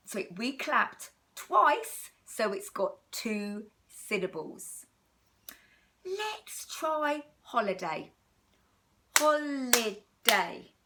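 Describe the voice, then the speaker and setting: Female primary teacher, unhurried and patient, mid-pitched, home lesson. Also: a bit bright. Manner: slow, patient, clear explaining to young children. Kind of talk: home-learning phonics lesson.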